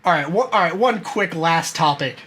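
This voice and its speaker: A man's voice: a little high, animated, normal speed, pushed and bright, slightly rough. Laughing, swearing young podcast guy. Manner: swears a lot, laughs often, rambling. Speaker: podcast co-host. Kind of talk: casual chat.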